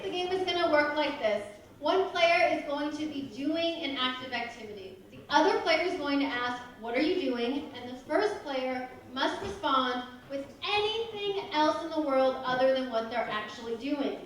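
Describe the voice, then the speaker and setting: A woman refereeing and hosting a live improv comedy match, explaining the game rules and leading the audience in call-and-response in a projecting, upbeat way. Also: sits high. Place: school auditorium or gym with a live audience. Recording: very echoey hall, far off, audible crowd.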